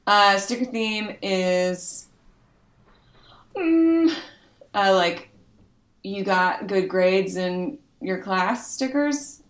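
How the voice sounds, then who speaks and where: A woman plays in a tabletop game, hesitant and giggly as she describes things. She speaks very slowly. There is a roomy echo around her. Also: mid-range voice, animated. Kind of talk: casual tabletop game chat.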